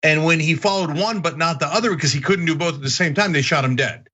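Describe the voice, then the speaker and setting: A man hosting a political commentary show, talking straight to his viewers in an animated, indignant way. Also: fairly high pitch, fast, lo-fi sound. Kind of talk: heated opinion commentary.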